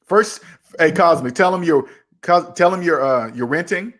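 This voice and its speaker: A young man hosting a casual livestream about money, animated and acting out both sides of imagined conversations as he answers chat. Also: a little high, normal speed. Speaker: finance channel host.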